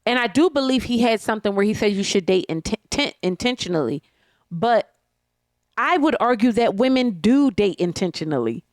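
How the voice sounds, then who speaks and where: A woman's voice: medium pitch, animated, moderate pace, a little mellow, dry recording, clean studio sound. A woman co-hosting a podcast from her couch at home, talking bluntly and swearing freely as she rants. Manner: blunt, profane, emphatic ranting. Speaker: podcast co-host. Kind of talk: casual chat. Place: living room couch at home.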